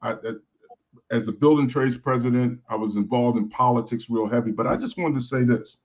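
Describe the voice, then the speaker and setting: A man from Baltimore, a consultant and lobbyist, talking as a guest on a talk show in a halting way, restarting his words. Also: mid-range voice, dull audio. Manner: halting, repeats words as he starts.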